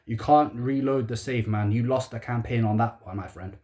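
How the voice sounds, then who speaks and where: A man's voice: mid-range voice, normal speed, darkish tone. A young man ranting sarcastically as a football fan channel host, firing rhetorical questions in heavy slang.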